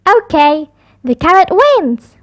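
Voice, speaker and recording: A cheeky, bossy little piglet girl from a bedtime storybook, put on by a woman reader. Her voice sits high and bounces a great deal. The words come slowly and with care. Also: sing-song, dry recording, clean studio sound, exaggerated voice. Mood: giving in.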